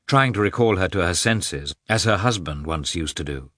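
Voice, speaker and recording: A man narrating a classic novel in an expressive, measured reading. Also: deep voice, dry recording, clean studio sound. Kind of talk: audiobook narration.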